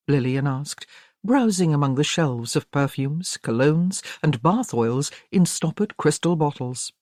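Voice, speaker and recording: A woman narrating a historical romance with a lowish voice that still moves through a wide, expressive range. The sound is dry and close to the microphone, with no room heard. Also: a little slow, no room sound. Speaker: audiobook narrator. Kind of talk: scripted narration.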